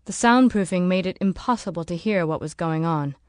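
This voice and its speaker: A woman narrating an audiobook in a steady, measured way. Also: fairly low pitch, dry recording, clean studio sound.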